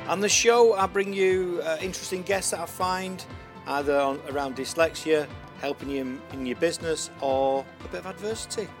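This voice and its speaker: A man hosting an online radio show, chatting casually with fillers and restarts. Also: on the high side. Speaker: podcast host.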